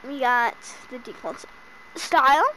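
A woman hosting a casual game item shop rundown, hiccuping and listing items excitedly while stumbling over names. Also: high voice, unhurried, slight background noise, rough recording. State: has the hiccups. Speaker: gaming channel host.

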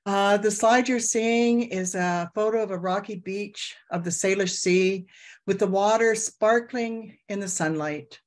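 An older woman in her sixties from Canada speaks at an unhurried, measured pace. She gently guides listeners through slow breaths and reflective closing words. Her voice sits at an ordinary pitch and comes through a video call. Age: 60s. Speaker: elder giving closing words.

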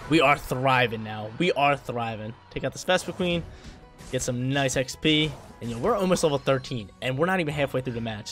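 Male gaming creator, mid pitch, quick trash-talk commentary. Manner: hyped, trash-talking, repeats phrases. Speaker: gameplay commentator. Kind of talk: live gameplay commentary.

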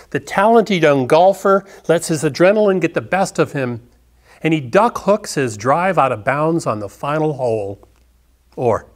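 A man in his pastor's role, preaching a sermon with a slightly high voice. He talks conversationally, building his point through everyday stories.

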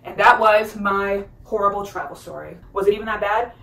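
A young woman vlogger rambling through an animated storytime while unpacking at home. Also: medium pitch, a little fast, gravelly, recorded from a distance, slight background noise. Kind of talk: casual storytime vlog. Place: at home unpacking, echoey room. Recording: roomy echo, voice a bit off-mic.

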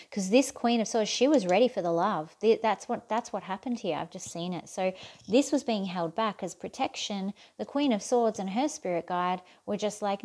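A woman's voice: medium pitch, moderate pace. A woman giving a casual tarot reading, chatty and thinking aloud with fillers and restarts. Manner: asks the cards softly, near-whispered. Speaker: tarot reader.

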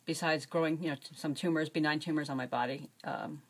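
A scared woman with a slight lisp and some slurring, talking in a halting personal video diary with restarts and pauses. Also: low-pitched, steady tone, breathy edge. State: anxious and scared. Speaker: vlogger.

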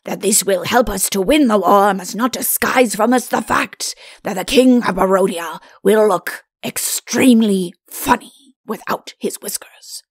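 A woman's voice: medium pitch, measured pace, slightly rough, no echo, studio quality. A woman voicing a vain, good-natured male king in a storybook reading. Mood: self-important.

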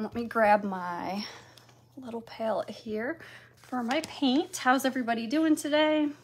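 A woman hosting a live craft-painting tutorial from her home craft room, chatting and greeting viewers by name while she works, now and then clearing her throat. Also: fairly high pitch, background noise.

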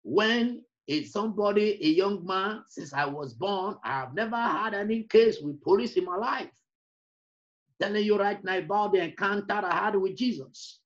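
A man's voice: high voice, normal speed, muffled recording. A man preaching an emotional personal testimony, repeating phrases and breaking into song. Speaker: evangelist.

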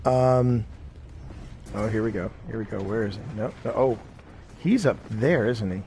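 A man's voice: lowish voice, measured pace, warm tone, a little hiss or hum. A tired middle-aged man chatting casually while he streams a game, rambling and repeating himself between reactions to the play. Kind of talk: casual gameplay chat.

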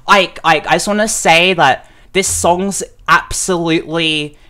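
An overwhelmed streamer reacting live, close to tears. The voice sits at a middling pitch and keeps stammering and repeating words. The talk is excitable and full of swearing. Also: a little slow.

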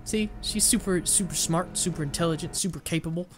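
A young man narrates his run through a shooter in loose let's-play style, rambling, making jokes at his own expense, and letting frustration slip out. His voice is on the high side and fairly quick, with game music behind and slight background noise.

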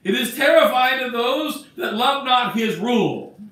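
A man's voice: very high-pitched, animated, a little slow, bright, forceful tone. A man preaching an emphatic sermon as a bishop, acting out the words he quotes. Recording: echoey church from far off.

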